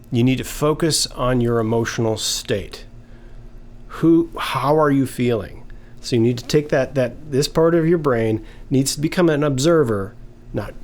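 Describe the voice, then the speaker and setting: Man calmly explaining an emotions model. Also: medium pitch. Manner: relaxed, conversational, acts out example phrases. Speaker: teacher. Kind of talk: explanatory lesson.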